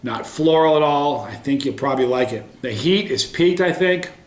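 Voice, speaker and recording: A man's voice: fairly high pitch, expressive, moderate pace. A man doing a casual pepper tasting review to camera, upbeat, with many ums and restarts. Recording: roomy echo.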